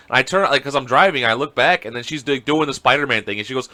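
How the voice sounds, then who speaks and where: A man's voice: mid-range voice, rapid-fire, hardly any pauses. A man in his thirties, co-hosting a podcast over a video call, telling crude stories and acting out voices. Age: 30s. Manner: animated, crude storytelling with voices for his child. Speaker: podcast co-host. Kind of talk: casual chat.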